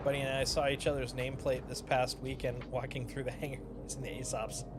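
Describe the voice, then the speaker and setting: A man's voice: mid-range voice, level tone, a little fast, noisy background. A young man streaming a game, chatting casually with playful, jokey asides. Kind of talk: casual gameplay commentary. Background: game music.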